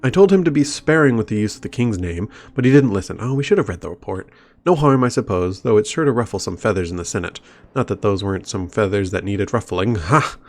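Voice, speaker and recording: A man reading the lines of a gruff male dwarf official from a game, with a mild theatrical lift. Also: lowish voice, lively intonation, quick pace. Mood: wry.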